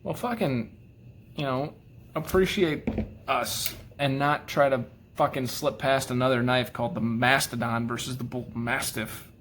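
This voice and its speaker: A frustrated man delivers a profanity-laced rant straight to camera. He rambles, trips over his words, and circles back. Now and then he softens into apologetic asides. His voice sits at an ordinary middle pitch. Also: fairly even intonation, measured pace, slight background noise. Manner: self-deprecating, apologetic asides. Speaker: knife collector vlogger. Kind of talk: casual ranting monologue.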